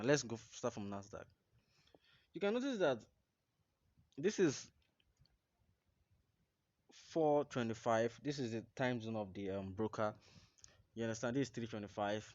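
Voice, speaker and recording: A man's voice: mid-range voice, darkish tone, no echo, dull audio. A man coaching viewers through a trading tutorial, repeating points emphatically and checking they understand. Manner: repetitive, emphatic, instructive, often asks "you understand?". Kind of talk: screen-share trading tutorial.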